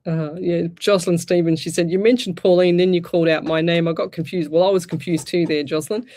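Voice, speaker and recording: A woman's voice: lowish voice, steady tone, quick pace, mellow. A middle-aged Australian woman hosting a live psychic radio show, chatting casually, rambling and restarting her sentences, her throat sore. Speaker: psychic medium radio host.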